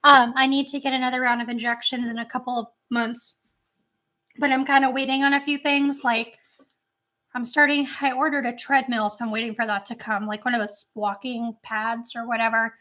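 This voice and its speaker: A woman's voice: fairly high pitch, little pitch movement, a little fast, sharp tone. A woman hosting a casual snack-tasting chat at home, rambling with lots of fillers, her voice strained and not at its best. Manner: chatty, rambling with many fillers. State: voice strained, not great right now. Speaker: channel host.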